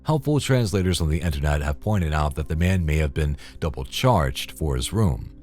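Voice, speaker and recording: A man's voice: very deep voice, lively intonation, moderate pace, darkish tone. A man narrating scripted commentary in a dry, disapproving manner. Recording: voice-over with faint music.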